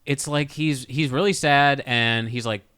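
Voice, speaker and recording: Young man, bright voice, smooth and clear, dry close sound, casual enthusiastic movie chat. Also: medium pitch, unhurried, dry recording. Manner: enthusiastic, recommends films. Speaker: podcast co-host.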